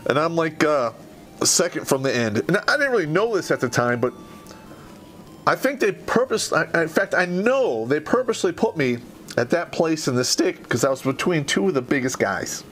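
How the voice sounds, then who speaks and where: A man hosting a podcast, telling a profane, animated story about his Army days and laughing through it. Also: on the high side, moderate pace. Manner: animated storyteller, heavy swearing, laughs mid-sentence. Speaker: podcast host and Army veteran. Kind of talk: profane comedic war story.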